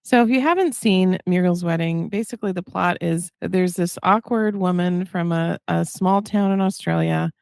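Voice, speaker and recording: Gravelly, lowish woman; wry, joking podcast co-host. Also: normal speed, hardly any pauses, no room sound, studio quality. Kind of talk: casual chat.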